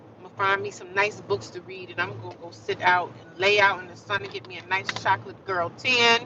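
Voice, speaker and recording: A woman's voice: mid-range voice, steady tone, brisk. A woman livestreaming outdoors in the city, chatting casually and sassily with her viewers and laughing often. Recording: dull lo-fi phone audio with loud street noise.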